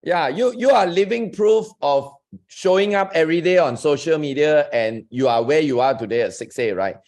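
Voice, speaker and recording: A man with a slightly raised pitch coaching over a video call. He speaks in an emphatic, motivational way, cheering his listeners on and asking them direct questions. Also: lively intonation, normal speed, a little mellow. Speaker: network marketing coach hosting a Zoom session. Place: online Zoom group call.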